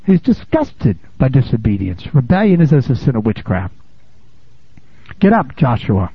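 Man, pastor, sermon, husky voice, very lively pitch, dry muffled recording. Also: moderate pace, dry recording. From United States. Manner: animated, conversational, laughs and asks "amen?". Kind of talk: preaching a sermon.

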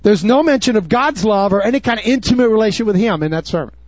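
Emphatic high-voiced male preacher. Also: expressive, quick pace, no room sound. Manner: emphatic, urgent, mocking asides. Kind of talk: sermon. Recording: dull dry recording.

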